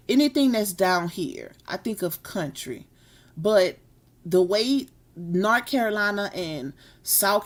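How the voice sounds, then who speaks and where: A woman, hosting a casual live stream and chatting with her viewers, laughing often. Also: mid-range voice. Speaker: live stream host reading chat.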